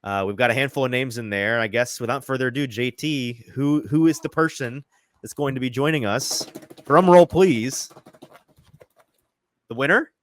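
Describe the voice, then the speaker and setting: A man hosting a sports podcast in casual chat, quick and self-deprecating, a little out of breath. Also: mid-range voice, fairly bright tone, dry recording. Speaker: podcast host. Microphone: headphones, remote call.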